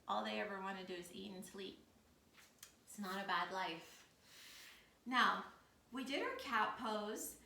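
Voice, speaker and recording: A woman's voice: mid-range voice, gravelly, bright, forceful tone. A woman with an American accent leading a children's storytime yoga class, upbeat and encouraging with playful animal noises. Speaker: kids yoga teacher. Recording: echoey room, far from mic.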